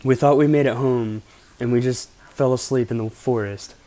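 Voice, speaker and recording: Steady and warm, this medium-pitched young man talks at a moderate pace. He's a Pennsylvania vlogger casually telling laid-back, rambling anecdotes laced with profanity.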